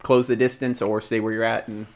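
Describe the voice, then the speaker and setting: Man running a tabletop game, halting. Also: on the low side. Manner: relaxed, halting, with frequent fillers and laughs. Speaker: game master.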